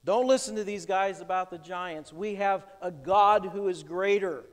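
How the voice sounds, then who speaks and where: Speaking at a moderate pace in a high voice, a male pastor gives a sermon in a church sanctuary. His explanation of scripture is emphatic and plainly convinced, with long church reverb around him.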